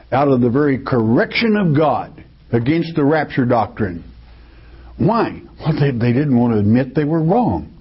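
Slow husky male preacher. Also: mid-range voice. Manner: emphatic, reads scripture aloud and comments. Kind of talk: sermon, Bible verse-by-verse teaching. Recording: dull lo-fi recording.

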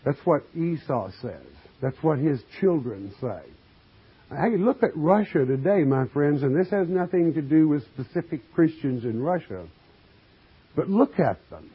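A man's voice: a little high, animated, husky. A man preaching a sermon, reading scripture and explaining it with emphatic, folksy questions to his listeners. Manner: slow, emphatic, asks the congregation questions; folksy asides, addresses listeners as friend. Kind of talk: sermon, Bible exposition. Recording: dull lo-fi recording.

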